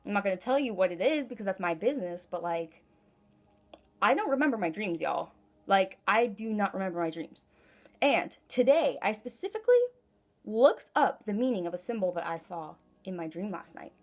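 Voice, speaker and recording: At home, a woman does a relaxed tarot reading, chatting and giggling as she addresses her viewers directly. Her voice is medium in pitch with lively intonation, and she speaks at a normal pace.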